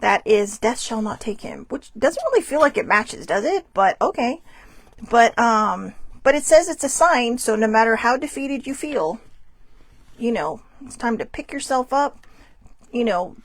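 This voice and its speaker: A woman hosting a casual spiritual card reading, chatty and self-correcting, reading passages slowly aloud. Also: a little high, expressive, dry recording. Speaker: host reading oracle cards.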